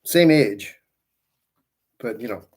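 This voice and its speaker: A man hosting a live balloon-twisting stream who talks at an unhurried, slow pace in a middle-pitched voice. He greets viewers by name and drifts into rambling, friendly asides. He keeps working with his hands as he chats. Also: expressive, husky. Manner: works with his hands while talking. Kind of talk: casual livestream chat with viewers.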